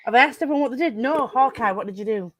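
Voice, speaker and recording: A woman's voice: fairly high pitch, expressive, rapid-fire, no echo. A woman hosting a casual group video chat, giggly and self-mocking, often breaking into laughter. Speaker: host.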